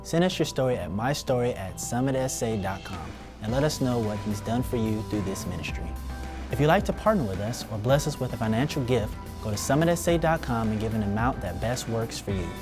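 Guy doing the ministry promo read, smooth and friendly, guitar playing behind. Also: medium pitch, expressive, a little fast. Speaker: ministry announcer. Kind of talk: scripted announcement. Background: guitar music.

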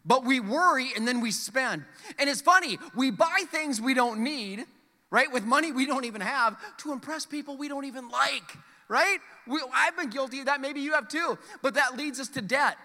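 A man in his forties preaching a sermon to his congregation, animated and joking, acting out the voices in his stories. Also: very high-pitched, moderate pace. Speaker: pastor. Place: church sanctuary. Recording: long hall reverb from church sanctuary.

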